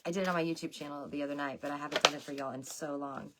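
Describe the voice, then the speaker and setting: A woman's voice: low voice, fairly even intonation, very fast, pushed and bright, a little hiss or hum. A woman giving a loose, chatty tarot reading to her viewers, talking to them as y'all. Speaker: tarot reader. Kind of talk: casual livestream tarot reading.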